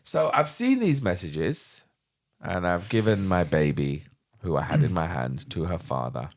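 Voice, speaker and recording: Animated low-voiced man telling his story. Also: unhurried. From London. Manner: animated, vivid retelling with acted-out dialogue. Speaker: podcast guest. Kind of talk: candid personal storytelling.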